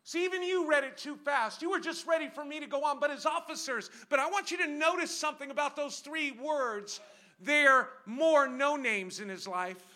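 A man preaching a sermon as a guest speaker, swinging from quiet asides to shouted, drawn-out exhortation, repeating phrases and firing questions at the congregation. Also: very high-pitched. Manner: emphatic, repeats phrases and asks the crowd questions.

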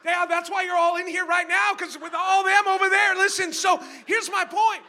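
A man delivering a sermon with a strikingly high voice. His tone is sharp and piercing, and he swings from quiet, muttered asides to shouted, stretched-out calls to the congregation, repeating phrases and throwing questions at the crowd. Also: flat delivery, moderate pace, slight background noise. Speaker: guest preacher.

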